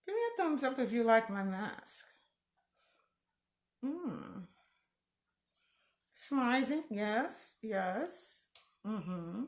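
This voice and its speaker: Woman, live stream host, playful, slow and lively, echoey room. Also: fairly high pitch. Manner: playful, greets viewers by name, laughs often. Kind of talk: casual live stream chat with viewers. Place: room at home.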